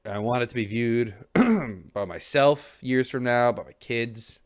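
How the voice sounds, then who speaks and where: A man's voice: medium pitch, animated, a little slow. Earnest rambling young man streaming. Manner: swears casually. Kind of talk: reflective solo stream chat.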